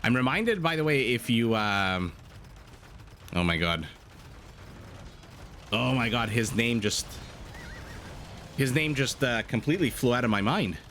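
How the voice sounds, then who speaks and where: A man casting a strategy game match as a tournament co-host, excitable and prone to rambling tangents. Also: medium pitch, unhurried, pauses often, slight background noise. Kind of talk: esports match commentary.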